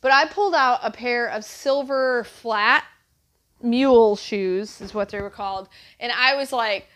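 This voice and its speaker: A woman's voice: fairly high pitch, unhurried, a bit bright. A woman reselling online, chatting playfully while she unboxes and sorts through a lot of shoes. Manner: chatty, playful, thinks aloud. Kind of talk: casual unboxing chat.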